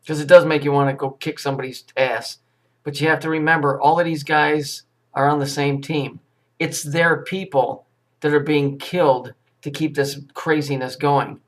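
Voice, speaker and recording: A man ranting through a crude, mocking commentary on news clips. His voice sits a little high for a man, and he swears freely and jeers with sarcasm. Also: fairly even intonation, normal speed, fairly bright tone.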